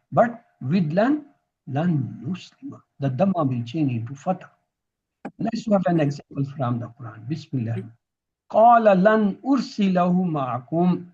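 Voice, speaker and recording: Male grammar teacher, husky and a bit high, runs drills and quizzes his class; muffled lo-fi recording. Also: dark tone. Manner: drills verb forms, quizzing students. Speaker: Quranic Arabic teacher. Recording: dull lo-fi recording.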